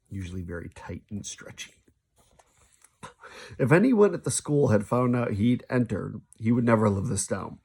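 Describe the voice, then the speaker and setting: A man reading a children's novel aloud, lively, now and then stumbling and restarting a sentence. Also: mid-range voice, slightly rough. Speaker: storybook reader.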